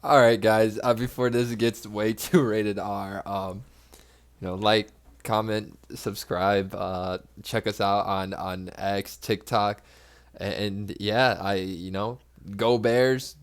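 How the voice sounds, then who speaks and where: Laid-back low-voiced podcast co-host man. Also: fairly even intonation, slow pace, clear, resonant tone. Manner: laid-back, laughs often, hesitant fillers. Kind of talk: casual podcast chat.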